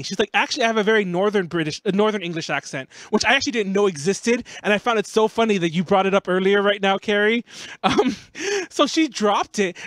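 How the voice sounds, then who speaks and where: Casting: high-pitched man, podcast host, rambling and chatty, dry close mic. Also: no room sound. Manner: rambling storytelling, heavy use of "like". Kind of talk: casual podcast chat.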